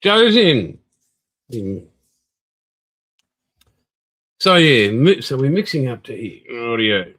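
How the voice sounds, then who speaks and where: A man's voice: medium pitch, big pitch swings, moderate pace, a bit bright, low-quality recording. An older Australian man, tired, hosting a live stream and rambling casually while greeting viewers. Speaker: livestream host.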